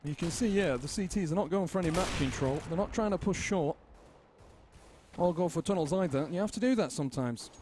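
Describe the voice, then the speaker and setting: A man voicing an invented second esports caster, a color commentator with a higher put-on voice and a put-on accent. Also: lively intonation, brisk, a little mellow, a little hiss or hum, close to an everyday voice. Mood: analytical.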